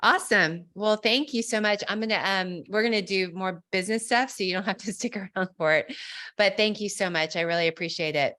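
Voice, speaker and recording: A woman's voice: medium pitch, brisk, pushed and bright. A woman hosting a casual team video call, upbeat and chatty.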